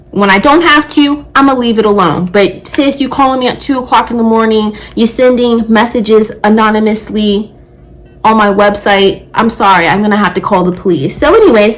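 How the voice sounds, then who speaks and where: A woman in her twenties, a nail technician, telling a story in a blunt, profane, animated rant. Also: fairly high pitch, low-quality recording. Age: 20s.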